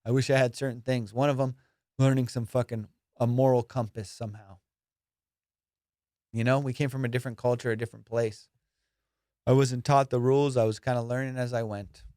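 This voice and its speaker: A young man tells comedic stories on his podcast. He swears freely and jumps into quick voices for each person in his anecdotes. His pitch sits in the middle, and the close mic sounds dry. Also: no echo. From immigrant, raised abroad. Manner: profane, animated, acts out both sides of dialogues. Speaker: podcast host. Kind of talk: casual comedic storytelling.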